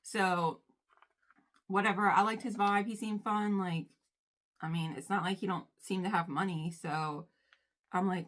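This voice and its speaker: A woman's voice: mid-range voice, steady tone, a little slow, long pauses, fairly bright tone. A young woman talks loosely and conversationally, tossing in "like" constantly. She chats to her viewers as "y'all" at home while getting ready, casual and unscripted. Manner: chatty, heavy use of "like", addresses viewers as y'all. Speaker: vlogger. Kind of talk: casual storytime chat.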